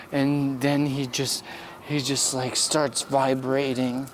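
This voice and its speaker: Slow halting man telling a silly story. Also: medium pitch, flat delivery, a little hiss or hum. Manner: halting, many fillers. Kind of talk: improvised comic storytelling. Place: outdoor city park.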